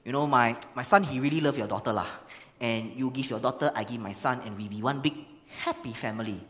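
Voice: mid-range voice, brisk, fairly bright tone, husky, pitched below the performer's own voice. A preacher voicing a casual male chieftain, persuading in breezy slang. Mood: coaxing. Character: casual smooth-talking male chieftain making a deal. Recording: long reverb of a large hall.

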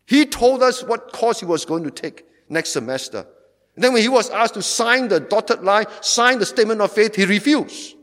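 A man's voice: high-pitched, sing-song, moderate pace, a bit bright. Fervent preaching man in a reverberant hall. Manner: fervent preaching with repetition and rising emphasis. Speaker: pastor. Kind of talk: sermon.

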